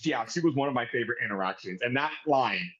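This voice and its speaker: A man co-hosting a podcast, telling a story in casual chat with animated, profane delivery. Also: medium pitch, fast, muffled recording. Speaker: podcast co-host.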